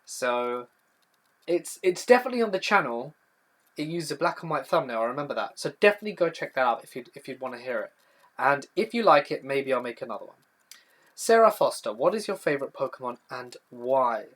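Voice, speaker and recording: A man's voice: mid-range voice, sing-song, brisk, a bit bright. Chatty young man answering live chat. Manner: chatty, answers viewer questions one by one. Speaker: horror storytelling channel host. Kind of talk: live stream Q&A reading chat.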